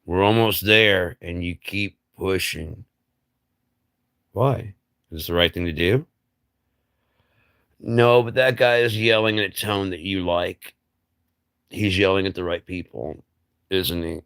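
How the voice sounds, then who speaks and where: Very deep-voiced man musing bluntly. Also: slow, gravelly, pauses often, fairly bright tone, smooth, no echo, clean studio sound. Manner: blunt, profane, musing philosophically; rhetorical questions with mocking asides. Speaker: livestream host. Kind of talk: rambling livestream monologue.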